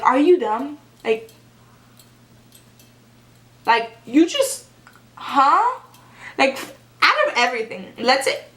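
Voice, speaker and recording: A young woman tells a casual story to her viewers, sarcastic and animated, with "like" in nearly every line. Her voice sits a bit high and bounces off the walls of an echoey room. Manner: animated and sarcastic, heavy use of "like". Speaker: vlogger.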